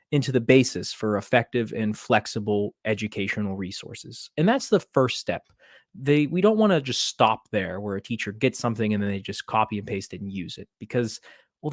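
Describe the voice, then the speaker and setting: A man's voice: on the low side, dry recording, studio quality. A man who teaches middle school presents a webinar demo, explaining things steadily with the occasional filler. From Maryland, USA.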